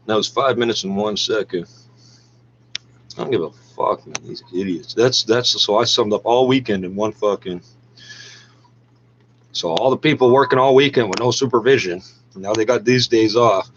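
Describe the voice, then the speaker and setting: A man's voice: lowish voice, moderate pace, pauses often, lo-fi sound, slight background noise. A man delivering a heated, sarcastic, profane monologue and talking back at the radio. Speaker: podcaster ranting over radio news.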